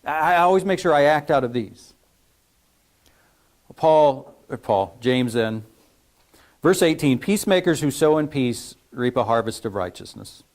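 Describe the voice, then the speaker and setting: A man's voice: medium pitch, animated, measured pace, pauses often. A man preaching a conversational sermon, asking his congregation questions as he teaches. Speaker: pastor.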